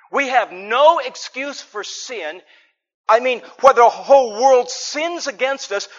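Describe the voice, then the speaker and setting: A man with a fairly high voice preaches a sermon in earnest, his delivery swinging from hushed asides to loud, pressing emphasis. He sometimes slips into sheepish voices to act out examples. The recording sounds dull and lo-fi. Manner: acts out little spoken examples in a sheepish tone.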